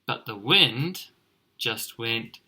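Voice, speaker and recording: A male teacher reading a picture book aloud to children, expressive and encouraging as he points things out. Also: medium pitch, very slow, breathy edge.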